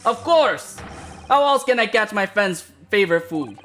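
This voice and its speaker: A streamer voicing a blunt, indignant Russian woman who speaks broken English in a loud, emphatic way. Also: mid-range voice, lively intonation, measured pace, soft background music, pitched above the performer's own voice.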